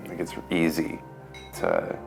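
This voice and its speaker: A young man in his twenties, soft and reflective, interviewed at home. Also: extremely low pitch, big pitch swings, takes it slowly, creaky. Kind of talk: recorded news interview. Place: home, indoors. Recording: faint music bed underneath.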